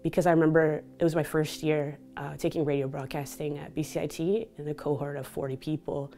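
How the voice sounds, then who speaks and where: A woman's voice: low-pitched, flat delivery, fairly quick, mellow. A woman from Vancouver, a DJ and speaker, telling personal stories openly in an interview, often laughing. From Canada (Vancouver). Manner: open, reflective storytelling with frequent laughter.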